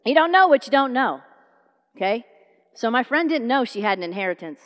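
A woman's voice: on the high side, a little fast, in a large hall. A middle-aged woman preaching a sermon, telling stories and acting out the dialogue. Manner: animated storytelling, acting out dialogue.

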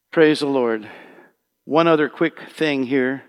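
A man preaching a sermon as pastor, shifting from hushed prayer to loud fervent calls to the congregation. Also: medium pitch, slow pace, pauses often.

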